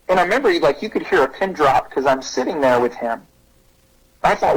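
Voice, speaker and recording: A man in his thirties, a guest speaker on parenting, telling stories in an animated, conversational way and acting out quotes. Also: moderate pace, long pauses, husky, low-quality recording. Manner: animated, pitches up to act out quotes. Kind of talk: conversational podcast storytelling.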